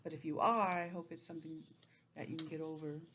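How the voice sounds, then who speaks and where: A woman with a lowish voice teaches young children over a computer, gentle and sing-song. She acts out feelings with big swoops of expression. A faint room hum sits behind her. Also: fairly even intonation, fast talker. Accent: New England. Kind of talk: online lesson for young children.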